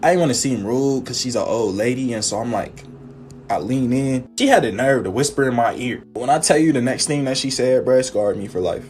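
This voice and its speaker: A man's voice: medium pitch, a little fast, a little mellow, faint music behind. A teenage man in a slangy, conversational story-time retelling. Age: teens.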